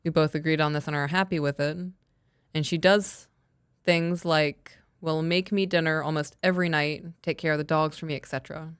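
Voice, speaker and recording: A woman's voice: deep voice, steady tone, moderate pace, clean tone, dry recording, clean studio sound. A woman co-hosting a podcast, chatting casually and reading listener emails aloud in a playful, talkative way. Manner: chatty, playful, laughs easily. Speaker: podcast co-host.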